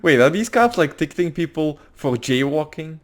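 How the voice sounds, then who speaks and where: A man's voice: fairly high pitch, animated, moderate pace. A man from Russia giving casual, rambling gameplay commentary, swearing freely and restarting his sentences. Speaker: gaming video host.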